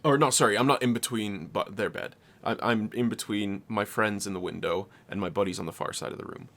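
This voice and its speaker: A man's voice: lowish voice, a little fast, gravelly, a bit bright. A young man co-hosting a podcast, telling a long story in a rambling way, swearing and laughing as he goes. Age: young adult. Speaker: podcast co-host. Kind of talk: casual storytelling.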